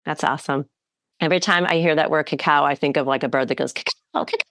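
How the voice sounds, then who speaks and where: A woman's voice: sits low, fast, no echo. A woman hosting a wellness podcast, chatting casually and laughing often as she tells stories. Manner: giggly, animated storyteller. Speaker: podcast host. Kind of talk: casual interview chat.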